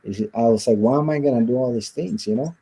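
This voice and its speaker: A man's voice: mid-range voice, quick pace, mellow, slightly rough, low-quality recording. A man being interviewed, earnestly telling a reflective personal story and acting out the voices of the people in it. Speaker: interview guest. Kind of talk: conversational storytelling.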